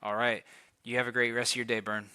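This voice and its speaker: Bright, crisp-voiced male host. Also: medium pitch, level tone, fast talker, no echo. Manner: polite, brief affirmations and formal thanks. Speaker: podcast host. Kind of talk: interview hosting.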